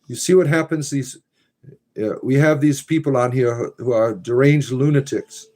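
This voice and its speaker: A man's voice: mid-range voice, normal speed, darkish tone. A man hosting a casual livestream, reading viewer comments aloud with wry remarks and muttered asides. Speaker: livestream host reading chat. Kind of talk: casual live-stream chat.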